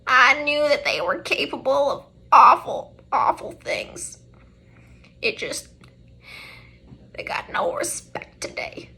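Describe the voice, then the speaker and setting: A woman playing a prissy old lady scolds the young from the past in a high, swooping voice. She talks slowly, and her tone is bright and sharp. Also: lively intonation, exaggerated voice. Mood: scolding. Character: prim disapproving old woman, stuck in the past. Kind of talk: amateur comedy sketch acting.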